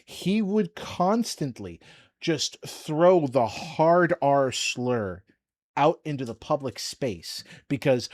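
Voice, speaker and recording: A man's voice: mid-range voice, lively intonation, a little slow, no room sound. Profane ranting man, dry close mic. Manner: profane, heated, sarcastic. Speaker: commentary video host. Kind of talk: casual commentary rant.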